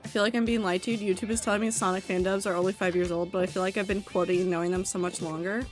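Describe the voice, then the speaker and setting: Woman game streamer, casual and chatty, mid-pitched, faint music underneath. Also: fairly even intonation, racing. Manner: chatty, giggly, reads chat aloud. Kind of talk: casual gaming stream chat.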